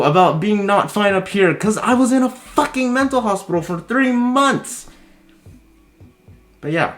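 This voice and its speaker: A man talking in a casual commentary vlog, heated and swearing, his voice jumping high when he is worked up. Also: lively intonation, measured pace, long pauses, a bit bright. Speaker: video commentator.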